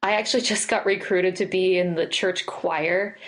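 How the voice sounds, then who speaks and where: A woman's voice: lowish voice, steady tone, normal speed, very noisy. A woman co-hosting a podcast, chatting casually and reading listener mail in an upbeat, easygoing way. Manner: chatty, upbeat, laughs easily. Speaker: podcast co-host.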